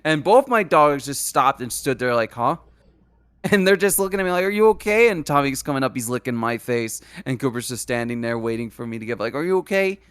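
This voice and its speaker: A man co-hosting a casual livestreamed reaction show, telling stories in an animated, profane way. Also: mid-range voice, quick pace, few pauses, clear, resonant tone, no echo, studio quality. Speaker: podcast co-host. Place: home streaming setup.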